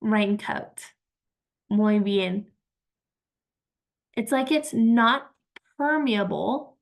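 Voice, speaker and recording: A woman teaching vocabulary in a slow, patient, encouraging way, repeating each word and praising the learner. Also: a little high, gravelly. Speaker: Spanish teacher. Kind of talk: slow vocabulary lesson with pauses.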